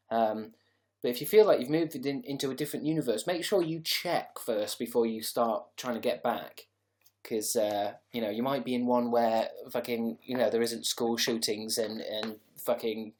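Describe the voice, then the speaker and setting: A man's voice: mid-range voice, darkish tone. Tired man rambling on a livestream. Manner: rambling, sarcastic, reads out chat comments. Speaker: livestream host. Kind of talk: casual livestream chat.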